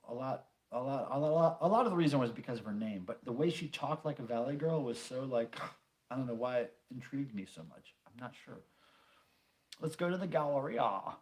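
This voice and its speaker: A middle-aged livestream host reads viewer comments in a casual chat, rambling with plenty of fillers and an occasional curse. His voice is medium-pitched with a darkish tone.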